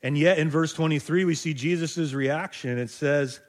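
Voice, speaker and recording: A man's voice: fairly high pitch, normal speed. A male pastor preaching a conversational sermon, thinking aloud with rhetorical asides to his listeners.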